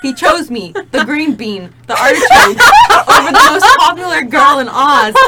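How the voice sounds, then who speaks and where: A woman's voice: high-pitched, wildly swooping pitch, normal speed, heavy background noise. A woman voicing a lovesick, melodramatic green witch in an overwrought comic reading of fan fiction. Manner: overwrought mock-dramatic reading.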